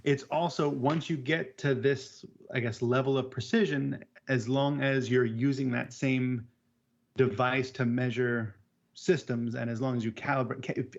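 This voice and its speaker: A man co-hosts a relaxed technical talk about audio tools. His voice is gravelly, and he often restarts his sentences as he works through an explanation. The recording sounds muffled and lo-fi. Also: medium pitch. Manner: halting, restarts words, self-deprecating. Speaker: AV technician co-host. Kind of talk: casual technical chat. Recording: dull lo-fi sound.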